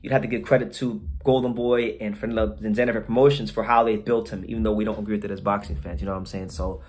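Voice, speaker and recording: A man's voice: lowish voice, fairly even intonation, fast, darkish tone, breathy edge. A man hosting a boxing channel, giving casual, opinionated commentary to his viewers in a slangy, blunt way, often repeating and restarting words.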